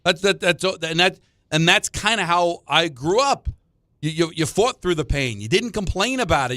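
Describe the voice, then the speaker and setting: Animated male sports radio co-host. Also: high voice, moderate pace, no echo, studio quality. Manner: animated storyteller, repeats words when starting. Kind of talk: casual sports talk.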